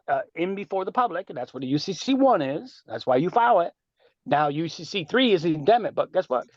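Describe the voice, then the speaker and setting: High-voiced boastful man on a call. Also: dry recording, lo-fi sound. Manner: boastful, animated, streetwise slang. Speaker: speaker answering callers on a group call. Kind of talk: casual lecture and Q&A.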